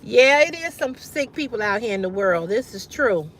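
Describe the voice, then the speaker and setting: A woman's voice: fairly high pitch, big pitch swings, moderate pace, fairly bright tone, a little hiss or hum. A woman hosting a casual livestream, talking bluntly and with profanity straight to her viewers in a style. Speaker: livestream host.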